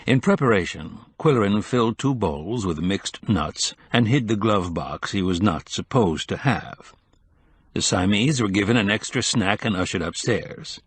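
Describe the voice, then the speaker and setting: Husky male audiobook narrator. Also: fairly low pitch, no echo. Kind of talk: scripted narration.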